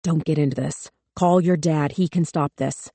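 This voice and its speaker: A woman narrator voicing an urgent, wary man in an audiobook, speaking low and clipped. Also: fairly even intonation, moderate pace, warm tone, slightly rough, no echo. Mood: pleading. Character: wary male small-town lawyer, urgent, steady.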